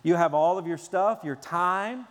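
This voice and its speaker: A man preaching a sermon in an animated way, at times acting out shouting children. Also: high voice, a little slow, in a large hall. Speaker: pastor.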